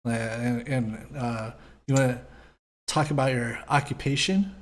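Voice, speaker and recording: A man's voice: mid-range voice, steady tone, unhurried. A man hosting a casual live podcast, rambling and self-deprecating, laughing often as he sets things up. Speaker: podcast host.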